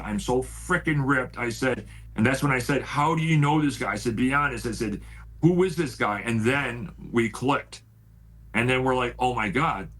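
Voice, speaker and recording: An excitable man tells a long story over a video call, with a steady middle-range voice. He repeats himself, quotes both sides of every exchange, and lets curses fly as his temper rises. A faint hum sits under the line. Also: mid-range voice, low-quality recording. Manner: excitable, repeats "I said", swears when heated. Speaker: paranormal house owner telling a story.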